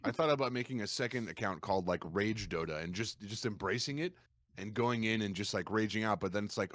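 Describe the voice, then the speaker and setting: A man with a low voice, a streamer guest on a podcast, telling his stories in a lively, animated way. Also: fairly quick, dry recording. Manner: animated storyteller, acts out quoted gamers in a raised voice. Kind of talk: casual podcast conversation.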